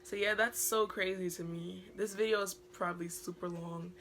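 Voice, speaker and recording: A woman's voice: lowish voice, steady tone, normal speed, a bit bright, a little hiss or hum. A teenage girl with a British accent, telling a casual storytime vlog in a rambling way full of filler words. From Britain. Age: teens. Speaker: vlogger.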